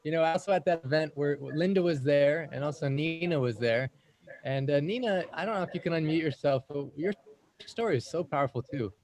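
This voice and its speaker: A man's voice: on the high side, a little fast. A man hosting a group video call, praising speakers and inviting them to share. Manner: warm, encouraging, invites others to speak. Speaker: host of the call.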